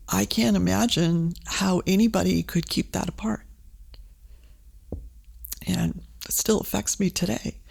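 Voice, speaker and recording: A middle-aged woman from Maine, a guest in an interview, telling personal stories in a casual, animated way with many fillers and restarts. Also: lowish voice, vocal fry, husky. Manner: animated, frequent fillers and restarts, acts out quoted voices. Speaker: guest, advertising agency CEO and former state representative.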